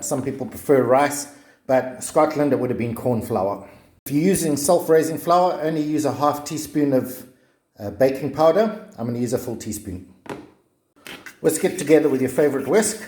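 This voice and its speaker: A man's voice: mid-range voice, darkish tone, echoey room, a little hiss or hum. A man giving a chatty, joking cooking demonstration. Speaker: cooking vlogger.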